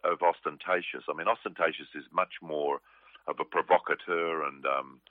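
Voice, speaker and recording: A deep, low-pitched man of forty, talking in a plain-spoken, rambling way as a comedian guest. His voice comes through a tinny, dry phone line. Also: steady tone, normal speed, no echo. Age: 40s. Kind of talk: casual phone interview.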